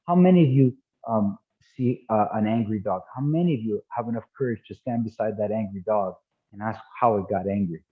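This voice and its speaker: A man teaching martial arts in an animated, casual way over an online call, repeating himself and restarting sentences. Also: fairly low pitch. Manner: animated, repetitive, frequent false starts and laughs. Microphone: online video call. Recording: tinny phone-like audio.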